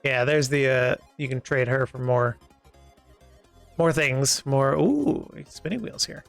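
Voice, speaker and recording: A man's voice: mid-range voice, lively intonation, slow pace, vocal fry, a bit bright, soft background music. A Canadian man casually chatting through a live game stream, with rambling, self-mocking asides. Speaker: gaming streamer.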